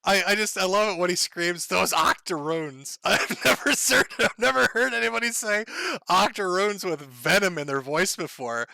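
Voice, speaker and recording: A man's voice: sits high, expressive, normal speed, vocal fry, hardly any pauses, pushed and bright, no room sound. A man hosting a live stream, commenting sardonically and laughing often. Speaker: livestream host.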